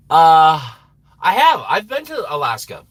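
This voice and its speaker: Fields: Man, rambling live stream host, husky tone. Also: mid-range voice, pushed and bright, no room sound. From Minnesota. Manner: rambling, laughs often, trails off. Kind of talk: casual live stream chat.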